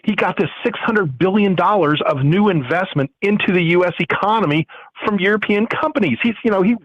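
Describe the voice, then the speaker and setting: A man's voice: sits high, fairly quick, dry recording. Economist man on a dull dry line. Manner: explanatory, a few restarts. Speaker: economist guest. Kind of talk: interview explanation.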